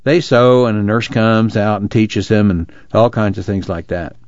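A man's voice: fairly low pitch, steady tone, normal speed, darkish tone, dry recording, lo-fi sound, natural voice. A man reading aloud voices a matter-of-fact male camp watchman. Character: calm older male camp watchman, steady.

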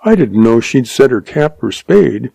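A man voicing a spirited young woman who runs a dude ranch, in a raised, animated voice. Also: medium pitch, a little slow, vocal fry, no echo, full character voice. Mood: earnest, teasing.

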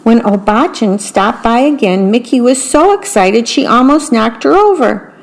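A woman reading a picture book aloud, slowly and carefully, pausing to describe the pictures. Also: on the high side, animated. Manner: slow, careful, describes the pictures between passages. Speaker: storyteller.

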